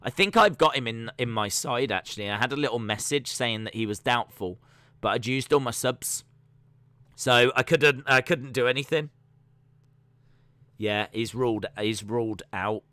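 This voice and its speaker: A man hosting a casual live-stream watch-along, chatting and answering viewer comments, with sudden excited bursts that trail off quietly. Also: medium pitch, moderate pace, dry recording.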